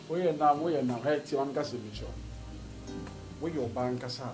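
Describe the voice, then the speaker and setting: A man, acting a loud, boastful houseboy in a comic drama. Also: a little high, normal speed. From Ghana. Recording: music playing behind.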